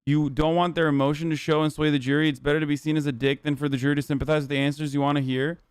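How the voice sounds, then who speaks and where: A man's voice: on the high side, flat delivery, rapid-fire, clean tone, no echo. A man streaming, giving blunt casual reaction commentary and swearing often.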